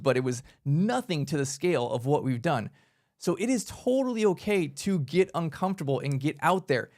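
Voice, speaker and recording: Fired-up casual man coaching. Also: a little high. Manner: energetic, casual, uses "man" and "right?" often. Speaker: workshop host. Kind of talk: motivational business talk.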